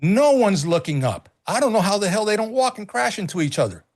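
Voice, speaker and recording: A man's voice: high voice, very animated, fairly quick, a little mellow. A middle-aged man co-hosting a casual political talk stream, emphatic and swearing freely, often repeating himself. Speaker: co-host.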